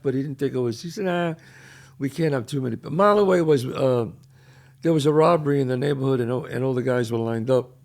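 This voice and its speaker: An older man with a New York accent, telling neighborhood stories as a podcast host in a casual, animated way. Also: medium pitch. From the Bronx, New York. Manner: animated, loud when quoting, trails off quietly. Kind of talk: casual storytelling.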